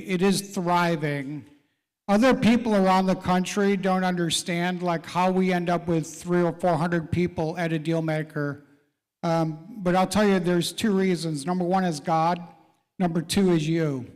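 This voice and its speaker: A middle-aged man hosting a live real estate event, folksy and encouraging as he calls out people in the audience by name. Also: sits high. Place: large event hall. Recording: reverberant event hall.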